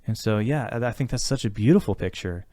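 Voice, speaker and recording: A man's voice: on the low side, fast, mellow, dry recording. A man co-hosting a podcast, talking in an earnest, reflective way with many fillers and restarts. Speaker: podcast co-host. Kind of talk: casual podcast conversation.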